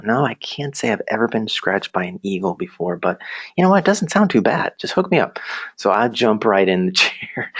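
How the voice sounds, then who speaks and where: A young man with a somewhat low voice tells a personal story to a virtual class. He is chatty and self-deprecating, laughs often and keeps asking his audience questions. The sound is dry and close, with no room echo. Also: fairly bright tone. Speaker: presenter telling a personal story.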